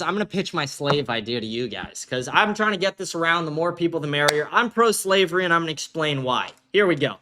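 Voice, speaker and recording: A man's voice: fairly high pitch, animated, brisk, few pauses, pushed and bright, slight background noise. A man hosting a livestream commentary show from a green-screen studio, ranting in a brash, profane way. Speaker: host.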